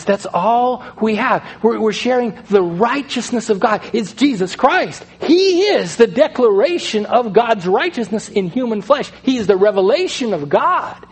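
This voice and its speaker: Husky, animated male preacher. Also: high-pitched. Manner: lively, conversational preaching that swings between loud and hushed. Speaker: pastor. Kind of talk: sermon.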